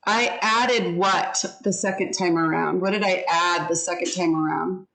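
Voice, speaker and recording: A woman teaching a class over a video call, slow and deliberate as she explains and models pronunciation. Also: lowish voice, fairly even intonation, gravelly, fairly bright tone, low-quality recording. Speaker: English teacher.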